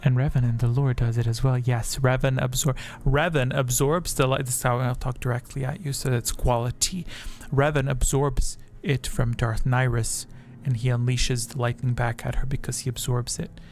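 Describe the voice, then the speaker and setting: A man's voice: medium pitch, steady tone, normal speed, darkish tone. A man hosting a livestream quiz at a home desk microphone, talking in a rambling way, correcting himself and reading out chat answers.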